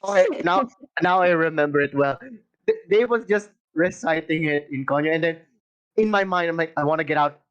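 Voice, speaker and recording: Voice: medium pitch, moderate pace. A friend casually retelling a shared game memory, quoting themselves with animation. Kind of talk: casual chat among friends. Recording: dull lo-fi sound.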